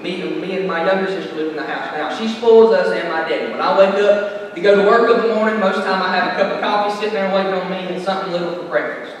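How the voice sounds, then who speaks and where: A man's voice: high-pitched, quick pace. A young man preaching a sermon in a church, folksy and joking, telling stories about his family. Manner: folksy, joking, Southern turns of phrase. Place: church sanctuary. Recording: echoey hall from far off, faint noise.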